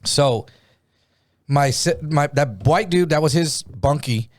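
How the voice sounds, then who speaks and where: A man's voice: fairly high pitch, slow. A middle-aged man telling a slangy, profanity-laced story in a casual podcast chat. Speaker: comedian guest.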